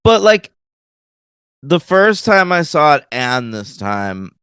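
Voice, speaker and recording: A man co-hosting a film podcast in casual chat, his pitch swinging up and down as he jokes about the movie. The sound is dry and close, with no room behind it. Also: slow, clean tone, dry recording. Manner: animated, laughs often, mocks movie lines. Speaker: podcast co-host.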